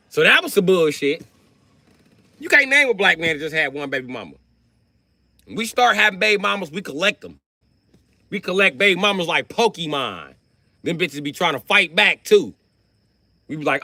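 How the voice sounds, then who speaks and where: A man with a fairly high, bright and forceful voice rants on a live stream, full of swearing. His pitch swoops widely as he riffs loudly and comically. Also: normal speed, pauses often, no room sound. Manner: loud, animated, swearing heavily. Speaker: livestreamer.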